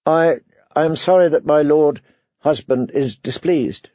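A man's voice: fairly high pitch, unhurried, warm tone, no room sound, dull audio, natural voice. A man voicing a timid young noblewoman who apologizes hesitantly in a storybook reading.

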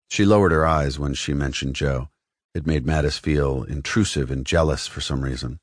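A man reading an adventure novel aloud as the audiobook narrator, in an expressive storytelling manner. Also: a bass voice, normal speed, no room sound, clean studio sound. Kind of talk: scripted narration.

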